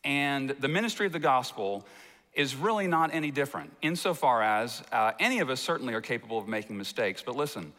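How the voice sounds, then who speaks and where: A man's voice: medium pitch, brisk. A man preaching a sermon, telling a folksy family story before moving into scripture. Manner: folksy storytelling, animated when telling anecdotes. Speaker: pastor. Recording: hall reverb.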